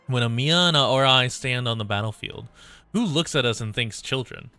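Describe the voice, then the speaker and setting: A man voicing a quiet, intense young girl fighter, reading her lines in a calm, questioning way. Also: medium pitch, moderate pace, smooth, faint music behind. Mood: earnest.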